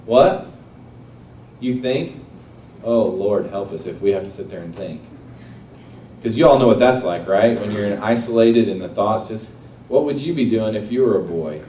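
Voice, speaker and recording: A man's voice: on the low side, animated, moderate pace, long pauses, mellow, slight background noise. A man preaching a sermon in a conversational way, asking his listeners questions and retelling a story. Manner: conversational, asks the audience questions. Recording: echoey room, voice from a distance.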